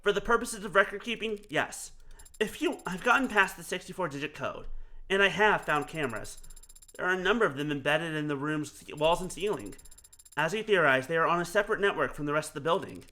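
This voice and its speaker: A polite, literal-minded android from a story game speaks in careful, exact phrases, read aloud by a man. His voice runs a little high and bright, and it rises and falls a lot. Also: animated, fairly quick. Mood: earnest.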